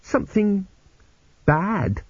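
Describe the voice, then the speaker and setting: A man reading an audiobook voices a timid, dutiful young woman prisoner who speaks in a hushed, fearful way. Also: sits high, sing-song, normal speed, breathy edge, no room sound, voice pushed up, exaggerated voice. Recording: dull lo-fi audiobook recording.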